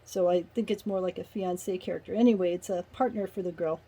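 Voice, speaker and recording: A woman's voice: lowish voice, fairly even intonation, quick pace, dark tone, husky, low-quality recording. A woman giving a casual spoken review of a short story, retelling the plot conversationally with personal asides. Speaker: book reviewer.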